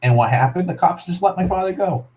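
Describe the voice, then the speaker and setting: A man's voice: high-pitched, animated, quick pace, dark tone, rough recording. A man ranting as he tells a personal story, swearing constantly, heated and full of restarts. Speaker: vlogger. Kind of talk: rambling personal storytelling rant.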